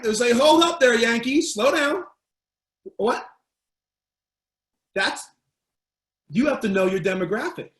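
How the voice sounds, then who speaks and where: A man giving a webinar lecture on public speaking, measured and emphatic, addressing one listener by name. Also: high voice. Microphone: webinar mic. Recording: echoey room.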